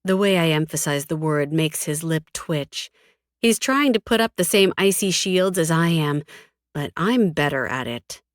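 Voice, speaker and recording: A woman narrating a first-person audiobook in a cold, flat, defiant tone, with frequent swearing. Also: sits low, measured pace, dry recording, studio quality.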